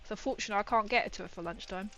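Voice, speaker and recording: A woman's voice: medium pitch, very fast, fairly bright tone, faint music behind, rough recording. A young woman chatting casually on a livestream while building a model, rambling and often laughing.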